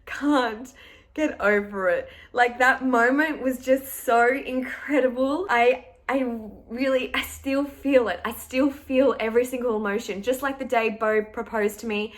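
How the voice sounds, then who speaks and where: Chatty young woman vlogger, slightly high. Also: steady tone, a little slow. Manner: chatty, emotional, lots of "like". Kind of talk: casual storytelling to camera.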